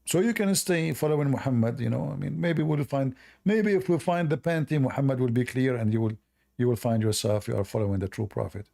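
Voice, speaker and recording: A man who is not a hosts a call-in debate, arguing in a sarcastic, emphatic way while his voice is going hoarse. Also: mid-range voice, fairly quick, mellow. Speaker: host.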